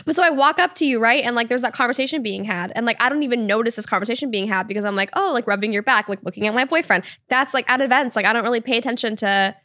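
A woman's voice: a little high, racing, few pauses, sharp tone, dry recording, studio quality. A woman in her twenties, a guest on a podcast, chatting casually and rambling with lots of fillers. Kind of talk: casual chat.

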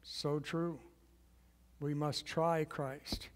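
A man preaching a sermon as guest pastor, leading the congregation in call and response with slow, emphatic repetition. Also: fairly high pitch, level tone, long reverb tail. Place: church sanctuary.

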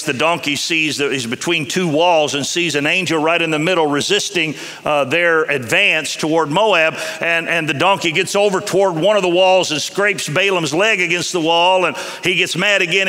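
A man's voice: fairly high pitch, pushed and bright. A middle-aged man preaching a sermon in a university chapel, telling a story animatedly and acting out voices. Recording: long reverb of a chapel hall.

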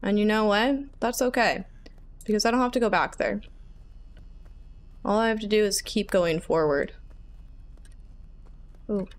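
A woman's voice: medium pitch, unhurried, long pauses. Nervous chatty woman playing a horror game. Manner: chatty, nervous rambling, panicky repeats and squeals. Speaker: gaming channel host.

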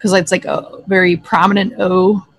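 A woman's voice: lowish voice, flat delivery, moderate pace. A woman from Ohio in a casual chat, joking about her vowels.

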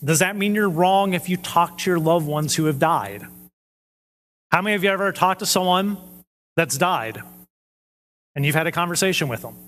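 Preaching in a church hall where the reverb lingers long, this pastor has a fairly high, expressive, slightly bright voice and a moderate pace broken by long pauses. His talk stays conversational, checking in with listeners through questions and performing quoted voices with animation.

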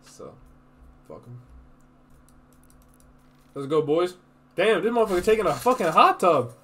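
A man's voice: sits high, unhurried. A young man streaming casual reaction commentary, swearing freely and laughing as he talks. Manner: profane, laughing, excitable.

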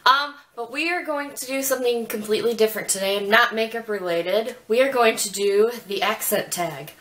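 Bright, giggly young woman host. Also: fairly high pitch, a little fast, poor audio. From Northwest Ohio. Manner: giggly, chatty. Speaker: beauty channel host. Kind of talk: casual chat.

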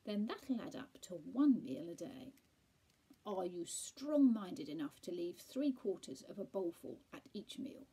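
A woman's voice: lowish voice, sing-song, dark tone, slightly rough, exaggerated voice. Woman doing a posh, clipped tomcat. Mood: firm advising. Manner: brisk, firm, clipped. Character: posh clever male Persian tomcat.

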